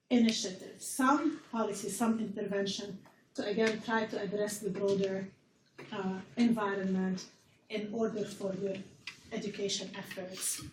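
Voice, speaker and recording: A woman giving a university public health lecture to a class, earnest and repeating words as she explains. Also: mid-range voice. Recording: roomy lecture hall from far off with faint noise.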